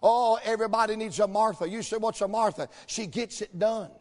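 High-voiced preacher in a reverberant hall. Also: male voice, fairly quick. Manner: folksy storytelling preaching, rising to shouts. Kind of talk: sermon. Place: church.

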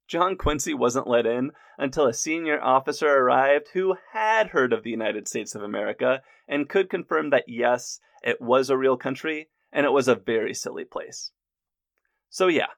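A man narrating history from a script, lively with jokey asides. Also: medium pitch, creaky, no echo, studio quality.

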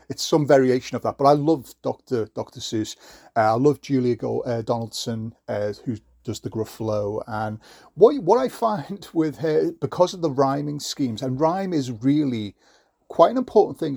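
Gravelly man, chatty and rambling. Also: mid-range voice, darkish tone, dry recording, clean studio sound. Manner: rambling, many fillers and restarts. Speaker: podcast host. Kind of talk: casual podcast talk.

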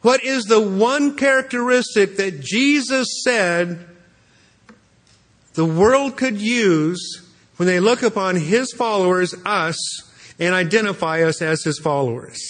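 A man's voice: sits high, a bit bright. A man preaching an expository sermon as a pastor, earnest and repeating words as he restarts. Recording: long hall reverb.

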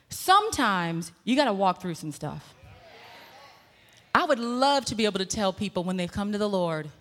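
A woman preacher delivering a humorous, emphatic sermon with laughter and shouted points, heard with a long echo in a church sanctuary. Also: mid-range voice, big pitch swings, moderate pace. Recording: long reverb in a large hall.

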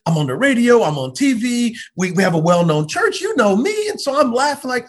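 Earnest, animated storytelling pastor. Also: male voice, extremely high pitch, normal speed, few pauses. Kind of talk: conversational storytelling.

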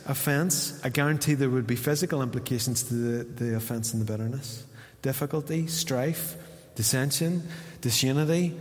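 Recorded in a church hall with long reverb, a man with a Northern Irish accent and a medium-pitched voice preaches a sermon as pastor. His style is conversational, and he acts out little dialogues with his listeners.

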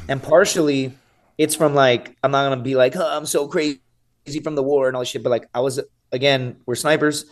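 Give me a man in his thirties with a voice of middling pitch, recounting a story on a podcast in a loose, animated way, peppering his talk with "dude" and "right?" and the odd curse word. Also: fairly quick. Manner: animated, swears freely, says "dude" and "right?" often. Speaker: podcast guest, survival show contestant. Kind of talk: casual interview storytelling.

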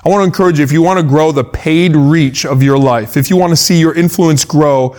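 A man delivers a sermon in a relaxed, conversational tone. His voice sits a little high for a man. He often restarts phrases, repeating a word before pressing on. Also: fairly quick. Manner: conversational, repeats words when starting phrases; acts out quoted voices in asides. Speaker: pastor.

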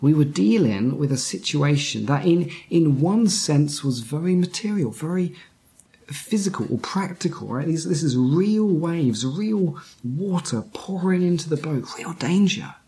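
Guy preaching a sermon, slow and gravelly, keeps restarting words and drops to a whisper now and then. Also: a little high, lively intonation, warm tone. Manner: halting, repeats words, drops to whispers for emphasis. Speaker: pastor.

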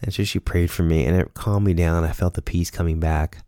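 A man's voice: deep voice, steady tone, fairly quick, mellow, no room sound, clean studio sound. A man in a casual monologue, earnestly telling a personal story and acting out the dialogue. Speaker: speaker sharing a personal lesson.

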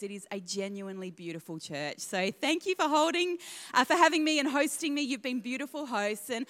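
A woman's voice: high-pitched, lively intonation, fairly quick, fairly bright tone, long reverb tail. Chatty Australian woman preaching. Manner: chatty, self-deprecating, laughing asides. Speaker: guest pastor. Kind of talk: sermon. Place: church auditorium.

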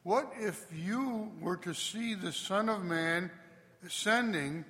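A man, a priest, reading the Gospel aloud in a measured, expressive proclamation. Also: high-pitched. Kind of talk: liturgical scripture reading. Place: church. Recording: long church reverb.

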